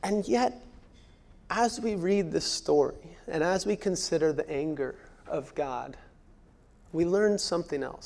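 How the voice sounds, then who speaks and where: A man in his thirties, a pastor delivering a sermon, earnest and repeating key phrases for emphasis, sometimes dropping to a hushed near-whisper. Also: on the high side, a little slow, gravelly.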